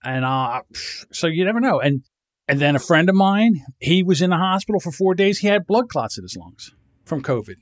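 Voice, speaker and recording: A man's voice: on the high side, big pitch swings, normal speed, no echo, studio quality. A man co-hosting a podcast, rambling and swearing freely, often laughing. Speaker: podcast co-host. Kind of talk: casual podcast banter.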